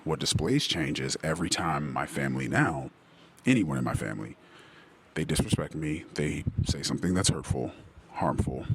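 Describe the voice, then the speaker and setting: A young adult man hosting a podcast, telling a personal story bluntly and with plenty of swearing, acting out the dialogue with animation. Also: extremely low pitch. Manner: blunt, profane, animated when retelling dialogue. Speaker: podcast host. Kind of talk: candid solo podcast storytelling.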